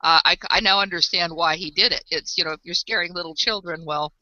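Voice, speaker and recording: A man giving measured opinions in a casual online group discussion. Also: sits high, pushed and bright, no echo. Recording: lo-fi online call audio.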